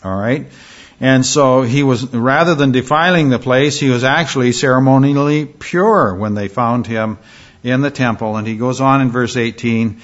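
A man leading a verse-by-verse Bible study in a conversational teaching style, often pausing with fillers and checking in with "all right?". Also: mid-range voice. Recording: slightly dull lo-fi recording.

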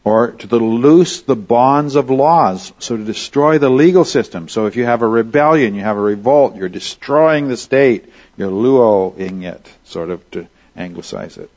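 A man's voice: mid-range voice, unhurried, a little mellow. Conversational male preacher, muffled recording. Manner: conversational, with frequent restarts and asides. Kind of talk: verse-by-verse Bible teaching.

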